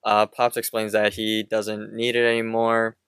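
A man co-hosting a podcast, relaxed and narrating a cartoon's plot step by step. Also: fairly low pitch, normal speed, clear, resonant tone, no room sound. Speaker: podcast co-host. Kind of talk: casual chat recapping a cartoon episode.

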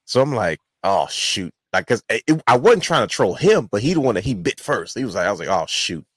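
A man's voice: on the low side, big pitch swings, fairly quick, slightly rough, no echo. A man hosting a wrestling podcast, telling a long rambling story in casual chat. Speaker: podcast host.

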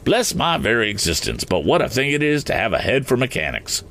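A man voicing an excitable, eccentric gentleman motorist who rambles and keeps exclaiming fussy oaths in a storybook reading. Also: mid-range voice, moderate pace, pitched above the performer's own voice. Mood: excited.

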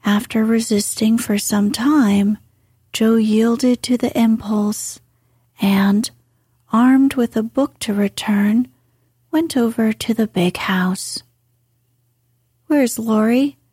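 Breathy whispering woman reading a story. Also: a little high, fairly even intonation, no room sound, clean studio sound. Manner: soft, slow, breathy narration. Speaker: audiobook reader. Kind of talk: whispered role-play.

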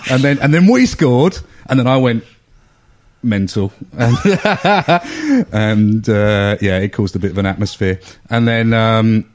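A man's voice: fairly low pitch, unhurried. A man co-hosting a casual football podcast, telling stories animatedly and acting out other people's lines. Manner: animated storyteller, acts out quoted voices. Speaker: podcast co-host. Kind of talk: casual chat.

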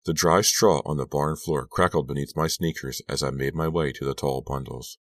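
Very deep-voiced man reading an audiobook. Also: fairly even intonation, moderate pace, no room sound, clean studio sound. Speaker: audiobook reader. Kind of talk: audiobook narration.

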